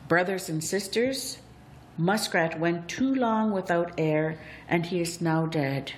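A woman voicing a solemn, wise male elder figure who addresses the other animals, speaking in a measured way. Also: on the low side.

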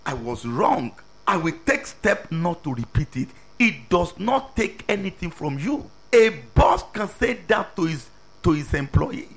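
A man preaching a sermon slowly and deliberately, with emphatic pauses and non-native English grammar. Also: high-pitched, vocal fry, a bit bright.

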